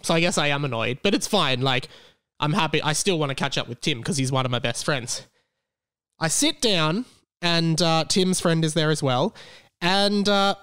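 A man's voice: a little high, moderate pace, a bit bright, smooth, no echo, clean studio sound. A young man hosting his podcast, rambling through a story in casual chat and correcting himself as he goes. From Australia. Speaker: podcast host.

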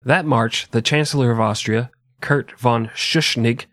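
A man's voice: medium pitch, unhurried, fairly bright tone, no echo, clean studio sound. A man hosting a comedic history podcast, telling the story in a crude, joking way and laughing often. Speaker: podcast host.

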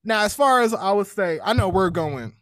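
A man co-hosting a casual podcast, animated and jokey, breaking into mock voices. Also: high-pitched, normal speed, no echo, studio quality. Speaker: podcast co-host. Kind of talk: casual chat. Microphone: desk mic.

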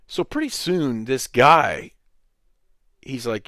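A man hosting a podcast, telling a story in a casual, animated way and acting out other people's lines. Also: medium pitch, moderate pace, vocal fry, dry recording, studio quality. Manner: animated, quotes other people in raised voices. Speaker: podcast host.

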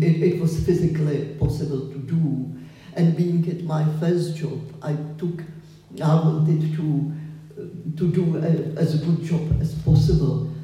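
Slow, mellow-voiced older woman with a foreign accent. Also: low voice. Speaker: photographer, guest. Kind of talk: public conversation at a gallery event. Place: gallery hall with an audience. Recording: echoey hall, voice from far off.

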